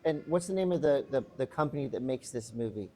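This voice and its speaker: A man co-hosting a podcast live in front of an audience, teasing his partner and steering topics with quick questions. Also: medium pitch, animated, warm tone. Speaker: podcast co-host. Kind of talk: casual podcast chat before a live audience.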